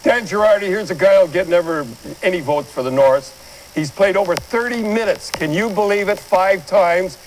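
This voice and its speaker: A man's voice: sits high, moderate pace, a little hiss or hum, rough recording. Blunt, rambling older hockey commentator man. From Canada. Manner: blunt, rambling, animated, pointing at replays. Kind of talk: opinionated sports commentary.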